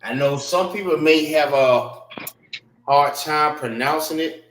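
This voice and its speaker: Slow-talking man teaching in an echoey room. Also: fairly high pitch, fairly bright tone, a little hiss or hum. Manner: slow, repeats and spells out words, casual slang. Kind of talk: classroom language lesson.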